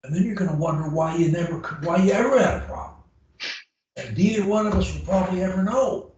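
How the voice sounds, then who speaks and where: A man's voice: high voice, fast, darkish tone, highs cut off. A man coaching a client over a video call, emphatic and encouraging, repeating phrases for emphasis. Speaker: stuttering coach. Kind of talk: one-on-one coaching session. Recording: very echoey room, heard from a distance.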